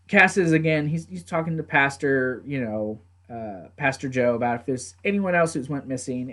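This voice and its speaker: A man's voice: mid-range voice, fairly bright tone. A man recapping and reviewing a TV episode in a casual, rambling way, now and then swearing at himself or his gear. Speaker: TV show reviewer.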